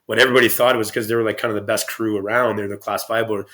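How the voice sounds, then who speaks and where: A man's voice: lowish voice, level tone, very fast, fairly bright tone. A man guest on a podcast interview, telling stories in a rambling, profane way with many restarts. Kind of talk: casual storytelling interview.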